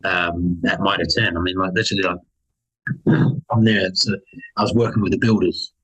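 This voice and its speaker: A young man, chatting casually on a podcast as a guest and telling stories with lively acted-out voices. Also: low voice, normal speed, slightly rough, rough recording. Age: young adult. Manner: animated storytelling, acts out other people's lines. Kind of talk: casual chat.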